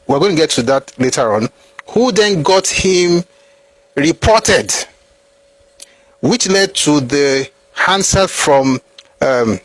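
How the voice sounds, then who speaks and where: A man with a Nigerian accent giving animated, opinionated commentary on history, full of rhetorical questions and bits of pidgin. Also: mid-range voice, husky.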